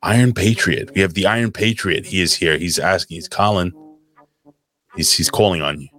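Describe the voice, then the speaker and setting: A man's voice: deep voice, normal speed, a bit bright. A man co-hosting a live podcast, bantering loosely and swearing while reading out chat names. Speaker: podcast co-host.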